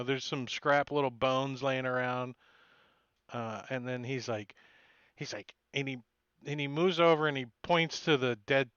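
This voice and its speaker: A man running a tabletop session as game master, talking the players through the scene in a loose, meandering way. His voice sits at an ordinary middle pitch. The stream audio is dull and lo-fi, with a dry, close sound and no room echo. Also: fairly bright tone, clear, resonant tone. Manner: casual, rambling descriptions that often break into laughter. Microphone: home computer mic for an online session.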